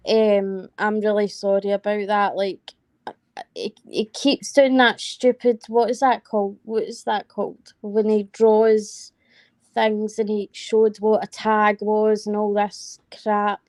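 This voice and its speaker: A woman's voice: mid-range voice, flat delivery, slow, a little mellow, no room sound. A woman with a Scottish accent, chatting casually as a panel guest, rambling and apologetic. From Scotland. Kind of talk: casual chat.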